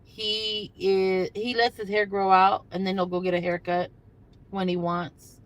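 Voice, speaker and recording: A woman's voice: medium pitch, flat delivery, unhurried, low-quality recording. An older woman hosting a casual livestream from her car, talking to viewers by phone in a rambling, chatty way with lots of fillers. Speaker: livestream host. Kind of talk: casual live chat with viewers. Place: in a parked car.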